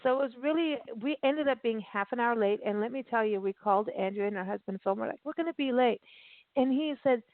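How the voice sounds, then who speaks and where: A woman radio host chatting casually and telling stories with bubbly, animated energy. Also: fairly high pitch, quick pace, no room sound. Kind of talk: casual chat over a call. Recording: tinny phone-line sound, dry.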